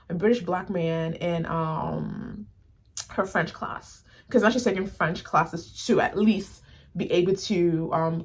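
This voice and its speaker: A woman with a husky, breathy edge to her voice chats casually to the camera. She is animated and talks straight to her audience as friends, calling them y'all. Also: on the low side. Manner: animated, addresses viewers as y'all, many fillers. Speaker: YouTube reviewer. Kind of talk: casual review chat to camera.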